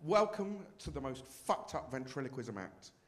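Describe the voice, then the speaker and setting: A man's voice: medium pitch, sing-song, moderate pace, fairly bright tone. A man performing a brash, self-mocking stand-up comedy set on a club stage.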